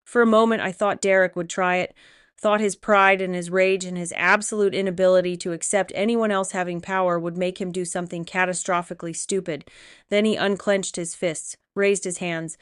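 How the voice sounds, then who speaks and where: A woman narrating a romance audiobook in the first person, reading in a steady, expressive storytelling way. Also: on the low side, moderate pace, smooth, dry recording, clean studio sound.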